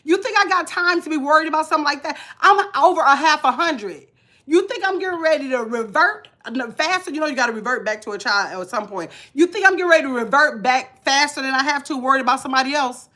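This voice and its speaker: Nasal, bright-voiced woman in her fifties. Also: sits high, lively intonation, fast talker. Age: 50s. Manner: blunt, preachy, reads comments aloud. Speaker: vlogger. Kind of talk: casual live-stream talk.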